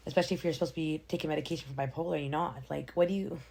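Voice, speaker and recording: A woman's voice: deep voice, rapid-fire, vocal fry. A woman in her thirties co-hosting a podcast, chatting casually and acting out the people in her stories. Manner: animated storyteller who acts out quoted voices. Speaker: podcast co-host. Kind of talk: casual chat.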